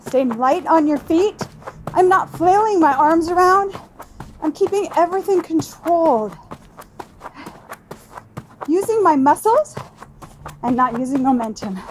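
A woman with a high, bright-pitched voice coaches a workout at an easy, unhurried pace. She calls out moves and rest counts in an upbeat way and talks as she exercises along. A faint hum sits behind her. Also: animated, poor audio. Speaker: fitness instructor.

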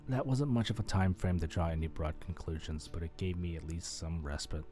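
A man with a very low voice reads a visual novel aloud on a live stream. His narration is relaxed and steady, with the odd restart. Soft music plays faintly behind him. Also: fairly quick.

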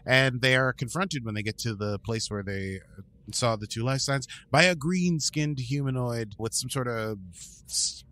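A man hosts a podcast and recaps an episode in a loose, rambling way. He wanders into asides and self-corrections, and his voice sits at an ordinary mid pitch. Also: measured pace, pushed and bright. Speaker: podcast host.

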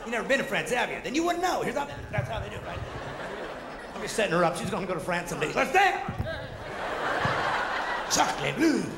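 A man doing a high-energy stand-up comedy routine, ranting and jumping into shouted asides and mock voices. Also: animated, very fast. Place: theater stage before a live audience. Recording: echoey hall, noisy 1990s concert recording.

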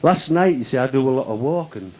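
A man's voice: medium pitch, lively intonation, a little fast, dark tone, poor audio. A man telling comic tall tales live at a folk club, mock-sincere and insisting every word is true. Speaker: comic storyteller.

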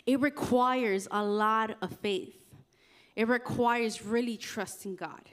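Lively young woman youth pastor, chatty sermon. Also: on the high side, slow. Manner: chatty and animated, with slangy asides.

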